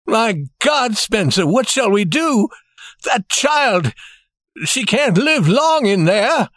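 A man's voice: extremely high pitch, very animated, takes it slowly, a bit bright, no echo, studio quality, voice pushed up, exaggerated voice. A man voicing an old male banker who speaks in a shaking, pleading voice, as part of a story reading. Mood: desperate.

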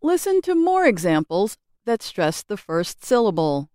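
A woman teaches an English grammar lesson in a slow, unhurried read. Her voice is smooth and resonant, and her intonation rises and falls a lot. The recording is dry and close. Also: medium pitch, sing-song, mellow, no echo. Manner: slow, careful, clearly enunciated teaching delivery. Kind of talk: scripted narration of a grammar lesson.

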